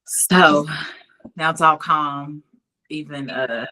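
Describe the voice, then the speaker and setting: A woman co-hosting a podcast, telling a relaxed story about her son. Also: sits low, slow pace, a little hiss or hum. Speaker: podcast co-host, mother. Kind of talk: casual chat.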